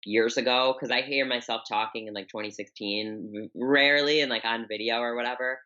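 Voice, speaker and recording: A young woman with a deep, low voice for a woman, talking candidly and rambling with lots of fillers as a podcast guest. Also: steady tone, a little fast, pushed and bright. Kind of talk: casual interview talk. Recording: dull, muffled audio.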